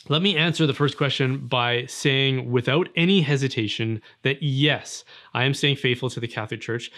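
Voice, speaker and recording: A man's voice: medium pitch, a bit bright. A man delivering an earnest, argumentative opinion monologue on religion, now and then acting out little scenes. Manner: earnest, argumentative, with acted asides. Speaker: religious commentator.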